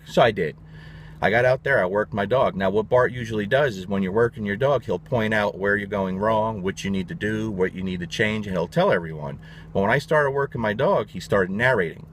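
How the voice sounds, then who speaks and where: A middle-aged man who trains dogs, telling a story in a casual, animated and blunt way, with some swearing. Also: fairly low pitch, a little hiss or hum. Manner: animated, blunt and profane, quick restarts. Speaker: dog trainer.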